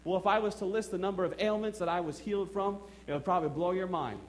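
A middle-aged pastor preaches a sermon in a church, telling a personal story fast and in a high-sitting voice, swinging emphatically between quiet asides and excited outbursts.

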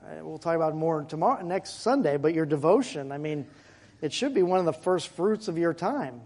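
A man preaching a sermon to his congregation in a church, in a conversational way with asides and quick jokes. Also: fairly high pitch, lively intonation, a little mellow. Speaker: pastor. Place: church sanctuary.

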